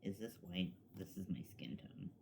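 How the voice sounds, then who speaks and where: A man's voice: sits low, expressive, moderate pace, creaky, noisy background. A man talking casually through a makeup tutorial at home, rambling and self-deprecating, with the odd muttered swear. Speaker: makeup vlogger. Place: at home, seated at a desk with a laptop.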